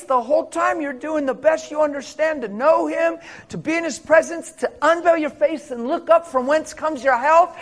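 A man's voice: very high voice, fairly bright tone. A male pastor giving a passionate, conversational sermon with casual asides.

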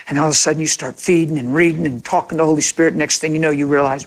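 A man's voice: on the high side, steady tone, fast talker. A man preaching a sermon in an impassioned, conversational way, acting out imagined quotes.

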